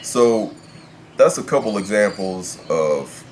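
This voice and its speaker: A man teaching Spanish pronunciation, explaining grammar to the camera in a measured way, stopping to pick his words. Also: fairly low pitch, animated, a little mellow, slight background noise.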